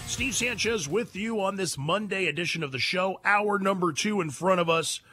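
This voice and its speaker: A man's voice: high voice, normal speed, music in the background. A man hosting a talk radio show, giving an emphatic, indignant monologue into a studio microphone. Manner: emphatic, indignant, takes calls.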